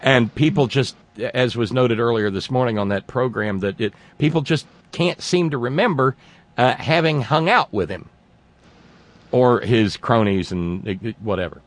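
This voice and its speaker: A man hosting a political talk show, speaking in a halting, sarcastic way with many restarts. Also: mid-range voice, animated. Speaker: talk radio host.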